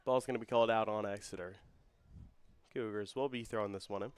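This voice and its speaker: A young man doing play-by-play for a student soccer broadcast. His voice climbs and quickens as the attacks build. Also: lowish voice, steady tone, clear, resonant tone, no echo. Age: young adult. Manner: rises and speeds up with the action. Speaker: play-by-play commentator. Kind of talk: student sports commentary.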